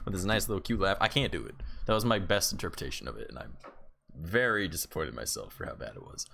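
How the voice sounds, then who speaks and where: A man's voice: fairly low pitch, huge pitch swings, brisk, vocal fry, fairly bright tone, a little hiss or hum. A man streaming live, chatting casually and sarcastically, rambling and swearing freely. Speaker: livestreamer.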